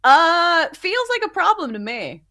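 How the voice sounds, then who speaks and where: A woman's voice: extremely high pitch, big pitch swings, a little slow, bright, forceful tone. A woman co-hosting a sports betting podcast in a playful, teasing, casual way. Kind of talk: casual chat.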